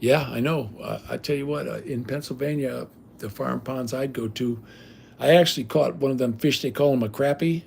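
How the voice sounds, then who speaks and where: A man's voice: medium pitch, creaky, darkish tone, a little hiss or hum. An older man hosting a livestream, telling rambling stories in a blunt, casual way with salty language. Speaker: livestream host.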